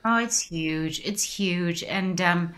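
Reflective woman with a bright voice. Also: fairly low pitch. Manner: reflective, halting, many restarts. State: emotional, choked up. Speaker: actress, interview guest. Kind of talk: casual video interview.

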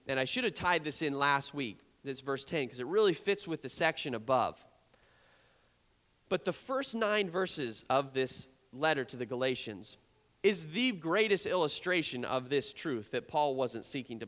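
Male pastor giving a sermon, on the higher side for a man, animated and emphatic, with a long church reverb behind him. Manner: animated preaching, acts out accusers in a raised voice. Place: church sanctuary.

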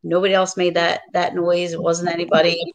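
A woman hosting a casual paranormal podcast chat, telling her ghost stories excitedly and saying "like" a lot. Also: lowish voice, fairly quick, slight background noise, poor audio. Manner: excited storyteller, says "like" a lot. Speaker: podcast host.

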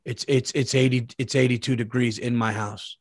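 A man hosting a podcast, telling a comic story in a casual, animated way, swearing and repeating lines for emphasis. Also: medium pitch, normal speed, no room sound, clean studio sound. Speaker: podcast host.

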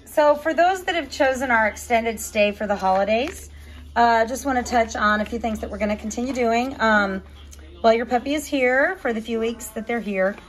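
This woman, a dog breeder, speaks at a moderate pace in a clip with poor audio. She chats casually to the camera about her puppies, sometimes switching to a higher, cooing voice for them.

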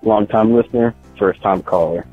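A man's voice: on the low side, normal speed, narrow, tinny audio, soft background music. A man leaving a hesitant, rambling voicemail for a podcast host. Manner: hesitant, many ums and uhs. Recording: husky phone voicemail.

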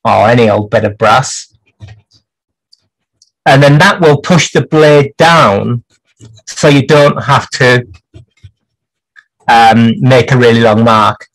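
A man's voice: medium pitch, takes it slowly, pauses often, fairly bright tone, low-quality recording. A man teaching clock repair on a livestream, rambling and thinking aloud as he works at his bench. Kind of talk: live workshop demonstration.

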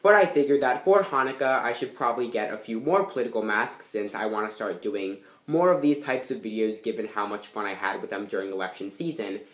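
A man's voice: on the low side, fairly quick, few pauses, fairly bright tone. Chatty young man in an echoey room. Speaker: comedy channel creator. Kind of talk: casual vlog talk to camera. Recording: roomy echoing room.

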